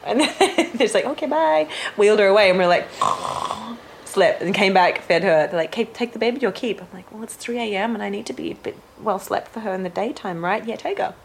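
A woman's voice: mid-range voice, fairly quick, slight background noise. A woman, chatting animatedly and acting out what others said. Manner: animated storyteller, acts out quotes loudly. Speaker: guest telling her birth story. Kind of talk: casual interview chat.

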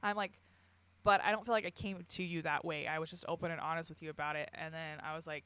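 Bright, crisp, candid storyteller. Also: medium pitch, quick pace. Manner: candid, swears, laughs often, quotes others with "I'm like". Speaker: guest recounting a hospital stay. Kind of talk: casual storytelling chat.

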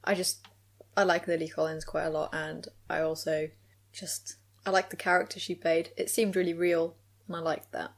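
A woman's voice: fairly low pitch, little pitch movement, moderate pace. A young woman co-hosting a podcast, talking hesitantly and easily about a film. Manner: hesitant, easygoing. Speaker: podcast co-host. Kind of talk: casual film discussion.

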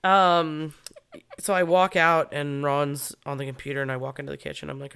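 A woman in a casual chat with a bright, forceful tone and a clean, smooth voice. She tells stories in an animated way and plays her own sobbing for laughs. A cold has left her slightly congested. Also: sits low, normal speed.

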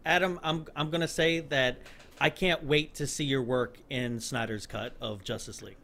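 Bright, enthusiastic podcast guest man. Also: medium pitch, fairly even intonation, moderate pace. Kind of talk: casual chat.

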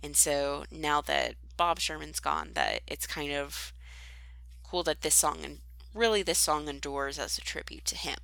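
A woman's voice: deep voice, sing-song, measured pace, vocal fry, bright, forceful tone, no room sound, rough recording. A young woman co-hosting a podcast, explaining things earnestly and with enthusiasm in casual chat. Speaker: podcast co-host.

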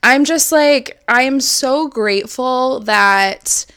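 A woman's voice: high voice, slow pace, fairly bright tone, clean tone. A woman co-hosting a podcast, talking casually and candidly with plenty of fillers. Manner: rambling, many fillers, candid. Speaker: podcast co-host.

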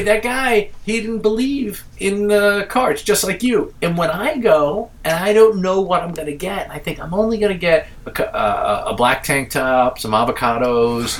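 A man's voice: a little high, recorded from a distance, slight background noise. A middle-aged man from Staten Island, telling a rambling, profane story in casual chat.

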